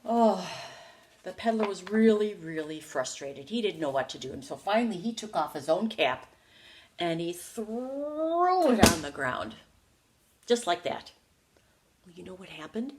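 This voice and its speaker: A woman teacher reading a storybook aloud to young children, slow and playful with lots of expression. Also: lowish voice, big pitch swings, a little hiss or hum. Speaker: preschool teacher.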